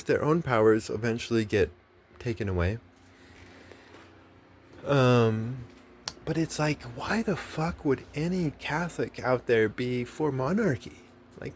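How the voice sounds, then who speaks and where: An American man ranting casually and rambling, swearing a lot and restarting his sentences, with faint background noise. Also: mid-range voice. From United States. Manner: profane, rambling, many restarts and fillers.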